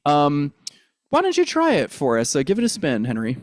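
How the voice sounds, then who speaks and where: A man coaching performers through an accent lesson, upbeat and encouraging, sweeping his voice high and low as he demonstrates. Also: wildly swooping pitch, normal speed, no room sound, clean studio sound. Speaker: drama coach.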